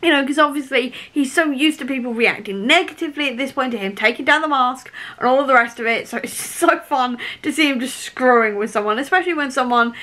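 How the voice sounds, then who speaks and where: A woman's voice: sits high, fast talker, few pauses, sharp tone. A woman book vlogger talking casually and enthusiastically about a novel, laughing often. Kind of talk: casual reading vlog.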